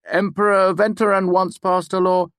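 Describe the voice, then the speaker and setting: A man's voice: sits high, little pitch movement, normal speed, fairly bright tone, dry recording, studio quality, pitched above the performer's own voice. A man voicing an eager young male student who keeps offering answers, in an audiobook.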